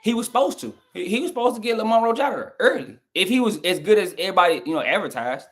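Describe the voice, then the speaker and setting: A man's voice: high voice, sing-song, very fast, a bit bright. A young southern man with a Southern American accent, arguing heatedly with his chat on a live stream and mocking their replies. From southern United States. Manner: argumentative, mocking, talks straight to chat.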